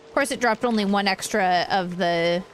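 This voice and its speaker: A woman's voice: mid-range voice, normal speed, a little hiss or hum. A young woman streaming a game in casual, rambling chat, tired and swearing now and then. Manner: rambling, frustrated, drops swear words. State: tired, yawning.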